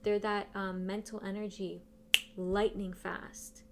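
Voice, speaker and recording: A woman's voice: medium pitch, little pitch movement, slow, background noise. A woman giving a casual tarot reading who talks straight to her viewers and thinks aloud as she turns the cards. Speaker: tarot reader.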